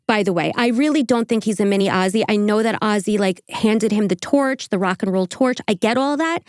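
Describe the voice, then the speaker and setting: A woman's voice: mid-range voice, a little mellow, dry recording, studio quality. A woman hosting a podcast in casual chat, chatty and giggly, swearing freely. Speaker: podcast host.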